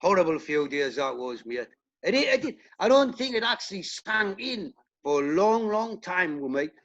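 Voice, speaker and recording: A man's voice: high-pitched, very animated, normal speed, a bit bright, highs cut off. A man, a punk band singer, telling blunt, profanity-laced stories in a casual interview. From United Kingdom. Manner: blunt, swears heavily, tells stories acting out quotes.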